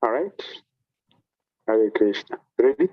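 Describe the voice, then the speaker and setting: A man, a monk, telling a devotional story in a sermon with animated delivery and frequent repetition of phrases. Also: mid-range voice, takes it slowly, narrow, tinny audio. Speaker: monk giving a talk.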